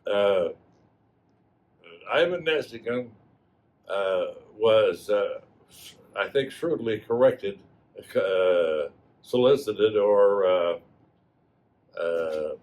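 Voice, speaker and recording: An elderly man in his eighties from Wisconsin recalls old memories as a guest. His fairly low voice halts often, filling pauses with uh and restarting sentences. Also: animated, darkish tone, rough recording. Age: 80s. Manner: halting, many fillers and restarts. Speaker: alumnus guest. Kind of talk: reminiscing storytelling.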